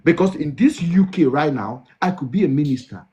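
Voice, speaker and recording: Husky Nigerian man lecturing emphatically. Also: fairly high pitch, expressive, a little fast, dark tone. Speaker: host. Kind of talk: heated live discussion.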